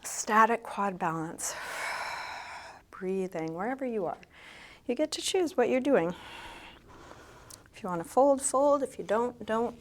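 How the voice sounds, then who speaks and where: A woman teaching a yoga class, giving calm, unhurried movement cues with soft asides, slightly out of breath. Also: fairly high pitch, slight background noise. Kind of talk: guided yoga class instruction.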